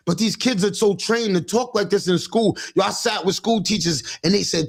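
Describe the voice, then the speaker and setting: A man with a high, gravelly voice speaks straight to his livestream audience. His talk is blunt and full of swearing, and he keeps stopping, restarting and repeating himself. He comes across as a father working through his own guilt in a loose street-talk monologue. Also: brisk, hardly any pauses, a little mellow. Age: adult father. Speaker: livestream host giving parenting talk. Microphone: livestream setup.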